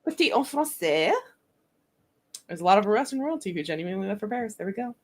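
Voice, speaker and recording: Lively, excitable woman chatting. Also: medium pitch, a little hiss or hum. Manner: excitable, gushing, quick jokes. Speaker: writer and stream co-host. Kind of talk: casual chat and reading aloud.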